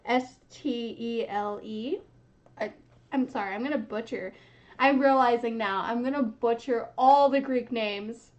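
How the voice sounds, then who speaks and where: A woman's voice: on the high side, measured pace, a little mellow, highs cut off. A young woman hosting a casual book reaction, chatty and giggly, often laughing mid-sentence. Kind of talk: casual reading reaction chat.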